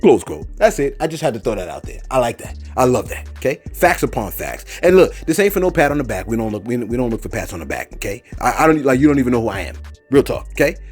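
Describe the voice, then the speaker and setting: A man giving casual reaction commentary, animated and repetitive, often circling back with "look" and "you know what I'm saying". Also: medium pitch, fast talker, slightly rough, soft background music.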